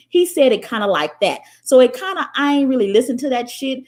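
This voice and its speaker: A woman talking straight to her viewers about spirituality in a casual monologue, with a blunt, cursing, animated storytelling manner. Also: sits high, brisk, hardly any pauses. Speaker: spiritual vlogger.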